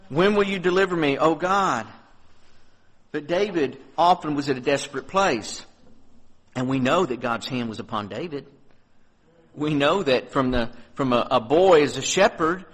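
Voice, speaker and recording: A man's voice: a little high, rough recording. A man preaching a sermon as pastor, reading scripture aloud and explaining it in an earnest, conversational way. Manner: earnest preaching, rising on scripture readings, dropping soft on reflections.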